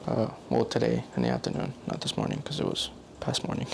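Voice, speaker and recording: A man's voice: mid-range voice, huge pitch swings, a little fast, vocal fry, noisy background. A young man vlogging in a loose, rambling way, correcting himself often and filling gaps with "like". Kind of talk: casual rambling monologue.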